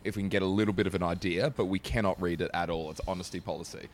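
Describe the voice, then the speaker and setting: A man's voice: low voice, fairly even intonation, racing. A young Australian man co-hosting a comedy podcast, wry and joking, trailing off into mumbles while explaining. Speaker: podcast co-host. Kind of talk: casual comedy podcast chat.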